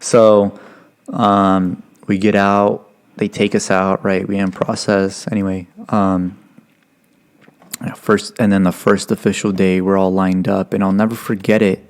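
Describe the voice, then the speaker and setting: A man's voice: low voice, flat delivery, unhurried. A young man casually telling a rambling, profane story as a podcast guest. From United States. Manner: profane, rambling, acts out drill instructors' yelling.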